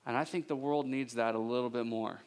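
A male pastor with a clear, resonant voice speaks briskly in a conversational sermon. He is at times self-deprecating and funny, and he gets higher and louder when fired up.

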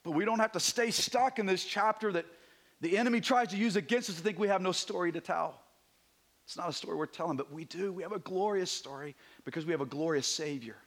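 A male pastor preaching a Sunday morning sermon, moving between hushed, intimate passages and emphatic, rising declarations. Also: high voice, fast. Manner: swings from hushed to emphatic, repeats words when building a point.

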